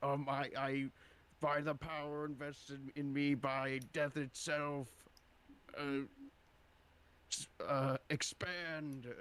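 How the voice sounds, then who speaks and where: A man voicing a small male fighter who serves death, stammering and slowly grandiose. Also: on the high side, level tone, a bit bright, smooth, pitched above the performer's own voice.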